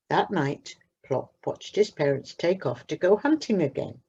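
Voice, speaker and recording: A woman reads a children's story aloud at a slow, expressive pace. Her voice has a gravelly, husky grain and lively pitch. The recording sounds dull and lo-fi. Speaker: storybook reader at a church service.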